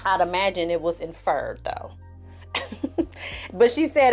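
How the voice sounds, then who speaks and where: A woman's voice: fairly low pitch, takes it slowly, soft background music. A woman giving a candid, casual recap of a reality show, talking straight to her viewers and acting out what the cast said. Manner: sassy, animated, acts out quotes from the show; candid, addresses viewers as y'all. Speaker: TV recap reviewer.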